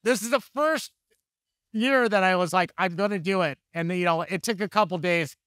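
A man's voice: high voice, a little fast, a bit bright, no echo, studio quality. A man preaching a conversational sermon, telling candid, jokey stories and acting out the dialogue. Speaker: pastor.

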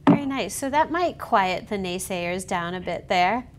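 A woman's voice: medium pitch, lively intonation, noisy background. A woman hosting a panel over a video call, asking questions in an upbeat, encouraging way. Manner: upbeat, encouraging, quick reactions. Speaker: panel host, sales executive.

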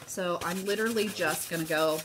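A woman's voice: lowish voice, fairly quick, noisy background. A middle-aged woman chatting casually through a live home craft tutorial, often calling viewers "you guys". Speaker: craft demonstrator.

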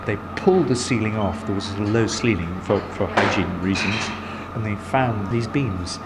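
Middle-aged man, lowish voice, lively raconteur recalling how his business began. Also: normal speed, very noisy. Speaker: smokery owner. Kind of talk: anecdotal storytelling.

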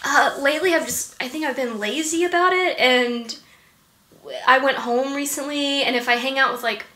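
A woman's voice: high-pitched, normal speed, pushed and bright. A young woman from Georgia, a guest actress chatting in an interview, giggly and poking fun at herself. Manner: giggly, self-mocking storyteller. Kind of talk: casual interview chat. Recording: roomy, echoey room.

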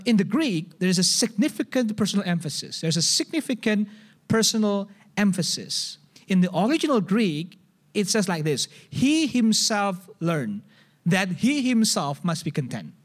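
A man with an Indonesian accent preaching a sermon at a church service, conversational and animated, often restarting and acting out examples. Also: sits high, husky. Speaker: pastor.

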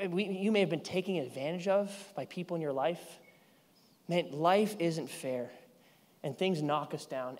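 Animated pastor in an echoing church. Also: male voice, fairly high pitch. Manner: animated storytelling, yelling and laughing at his own story. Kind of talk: sermon. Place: large church hall. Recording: church hall reverb.

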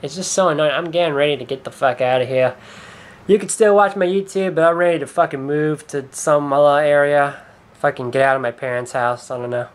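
A young YouTuber rambles through a vlog monologue in a brisk, highish voice, hesitating, swearing often, and trailing off before restarting his sentences.

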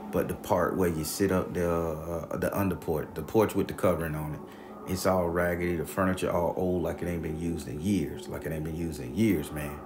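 A man casually telling a personal ghost story in a rambling, profane, animated way. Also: sits low, background noise.

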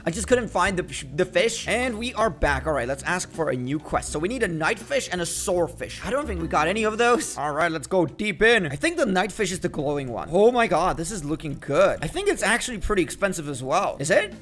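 A young man doing excitable let's-play commentary, talking to the fish and to his viewers. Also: high voice, a little fast, few pauses. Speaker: gaming video host.

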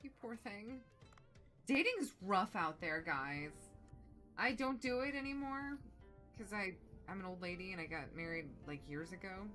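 A young adult woman chatting casually with viewers while playing a video game, animated and quick to exclaim. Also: medium pitch, faint music behind. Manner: animated, shrieks when excited, drops soft when focused. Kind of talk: casual let's-play commentary chatting with chat.

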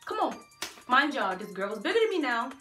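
Animated young woman telling a story. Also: fairly high pitch, fast talker, reverberant, soft background music. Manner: animated, slangy, addresses viewers as y'all. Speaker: vlogger. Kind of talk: storytime vlog.

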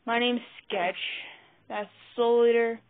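A woman voicing a calm, smirking girl who keeps her cool, on a tinny phone-like mic. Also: a little high, slow. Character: cool, smug girl with pet monsters.

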